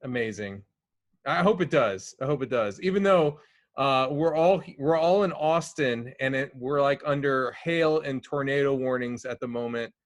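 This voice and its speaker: An enthusiastic man hosts a podcast from home over a video call. His voice is mid-pitched and sounds dry and close, with no room around it. He often repeats words as he builds up his questions. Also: moderate pace, no echo. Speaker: podcast host. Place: home during a storm.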